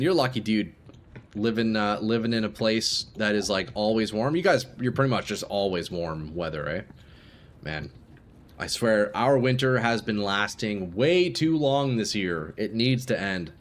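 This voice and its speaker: A man's voice: on the low side, unhurried. Laid-back young male game streamer. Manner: laid-back, swears freely, chats with viewers. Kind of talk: casual live-stream gameplay commentary.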